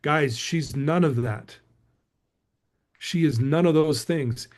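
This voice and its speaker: A man's voice: on the high side, takes it slowly, darkish tone. A middle-aged man, a guest speaker, telling a motivational story emphatically and calling his listeners "guys".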